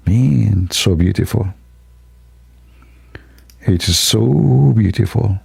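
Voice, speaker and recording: A man's voice: lowish voice, expressive, takes it slowly, gravelly, pauses often, a little mellow, husky. A man hosting a livestream, talking in a sarcastic, rambling, mock-admiring way. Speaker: livestream host. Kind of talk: mocking livestream commentary.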